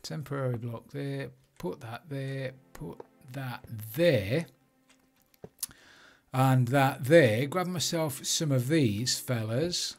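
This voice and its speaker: A man's voice: mid-range voice, slow pace, faint music behind. A man giving casual gameplay commentary, chatting and thinking aloud as he builds. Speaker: Minecraft let's play creator.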